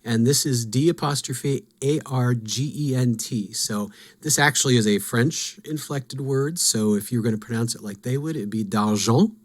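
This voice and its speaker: A man's voice: medium pitch, normal speed, hardly any pauses. A man hosting a podcast, talking through game lore in a casual, musing, self-deprecating way. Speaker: podcast host.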